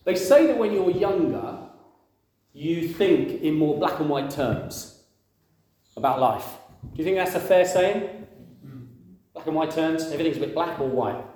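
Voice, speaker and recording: A man's voice: a little high, animated, a little slow, long pauses, warm tone. A man preaching a conversational sermon, asking the congregation questions and acting out quoted voices. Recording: very echoey room.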